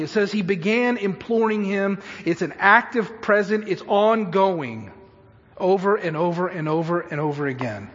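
A man's voice: high voice, moderate pace. Preaching man in a reverberant hall. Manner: dramatic, shifts from hushed storytelling to shouted pleading. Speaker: pastor. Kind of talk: sermon. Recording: muffled sound with long hall reverb.

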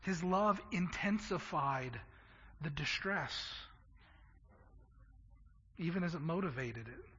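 A man with a high, bright, husky voice preaches a passionate sermon, doubling words as he presses his points. The sound is dull and lo-fi, carried by a long echo from a large hall. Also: lively intonation, slow pace, pauses often. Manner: impassioned, stammering repeats for emphasis.

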